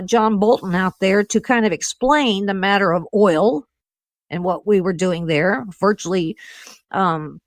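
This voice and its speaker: Animated woman radio host. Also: on the low side, dry recording, clean studio sound. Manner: animated, quick bursts with many fillers and laughs. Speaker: radio host and intelligence analyst. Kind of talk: casual talk radio.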